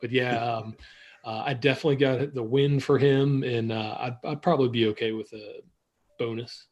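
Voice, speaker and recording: A man of about forty with a husky, mid-pitched voice speaks thoughtfully and pokes fun at himself. It is relaxed podcast chat. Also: moderate pace, dull audio. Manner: thoughtful, self-deprecating. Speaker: podcast guest. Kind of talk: casual chat.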